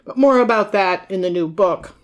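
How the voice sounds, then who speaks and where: A woman co-hosting a podcast, reading aloud from her own book and old news clippings in a measured way, naming and quoting her sources. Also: medium pitch. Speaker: podcast co-host and author. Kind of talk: reading aloud from research notes.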